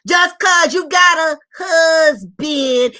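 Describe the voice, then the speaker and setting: A woman voicing a loud, furious single mother who shouts, curses and repeats herself while ranting defensively. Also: extremely high pitch, drawn-out words, exaggerated voice. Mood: indignant. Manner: shouting, cursing, repetitive ranting. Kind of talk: comedic rant impression.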